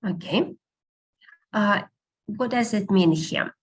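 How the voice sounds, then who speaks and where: A woman teaching an online beginner language class, patiently repeating words slowly over a video call. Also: medium pitch, breathy edge.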